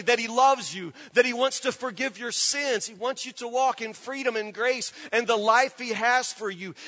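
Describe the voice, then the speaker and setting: A man's voice: extremely high pitch, pushed and bright. A man preaching as a pastor, earnest and direct, repeating his points and appealing straight to his listeners. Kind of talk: sermon. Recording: long hall reverb.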